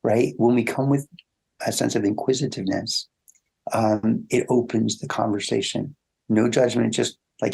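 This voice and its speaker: A man in an interview talks through relationship advice with a gravelly, faintly husky voice. He tells stories with animation and lifts his voice to act out what people think. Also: normal speed. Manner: animated storyteller, acts out quoted thoughts in a higher voice. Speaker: relationship coach guest. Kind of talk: conversational interview.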